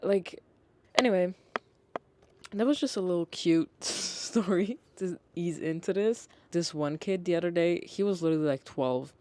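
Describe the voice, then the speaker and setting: Young podcaster ranting casually, swears a lot, says like constantly, mid pitch. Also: normal speed, warm tone, slight background noise. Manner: exasperated, swears freely, lots of "like". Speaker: podcast host.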